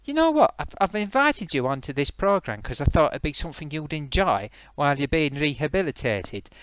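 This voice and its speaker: A man's voice: a little high, sing-song, fairly quick, fairly bright tone, clean tone, no room sound. A man voicing a gloating, eager male sock puppet who hosts a comedy stream, rambling with many fillers. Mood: defensive. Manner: rambling, hesitant, lots of fillers. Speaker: host.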